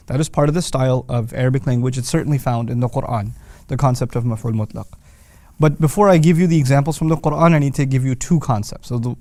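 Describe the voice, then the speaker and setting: A man's voice: mid-range voice, warm tone, dry recording. A man teaching a lesson on Arabic grammar in a patient, conversational way, with slang asides. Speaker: Quran teacher. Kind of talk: scripted video lesson.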